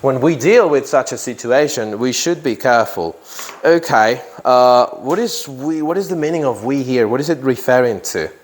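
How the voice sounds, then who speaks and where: A man's voice: mid-range voice, expressive, moderate pace, slight background noise. A man teaching an English grammar lesson to a class, who repeats key phrases and often checks in with "yeah?".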